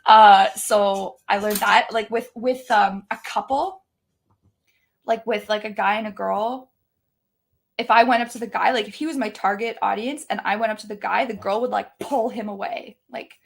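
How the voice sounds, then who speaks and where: A woman in her thirties, a guest telling stories in a chatty, animated way, full of "like" fillers. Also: mid-range voice, moderate pace, gravelly. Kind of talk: casual storytelling.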